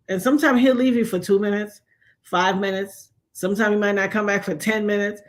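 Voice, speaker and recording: A middle-aged woman hosting a livestream, chatting casually and telling animated stories while acting out the voices she quotes. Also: on the high side, brisk. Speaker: livestream host. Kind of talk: casual storytelling chat.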